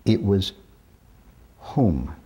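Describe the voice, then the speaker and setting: A man in his sixties from New York, telling stories in an interview with measured, deliberate, careful diction. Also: low-pitched, animated, mellow, breathy edge. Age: 60s. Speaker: interview guest. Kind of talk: reminiscing interview talk.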